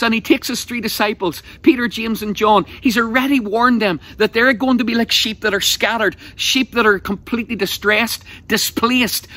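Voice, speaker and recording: Passionate preacher, bright voice. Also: male voice, high voice. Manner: passionate, vivid storytelling with dramatized quotes. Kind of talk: evangelistic sermon.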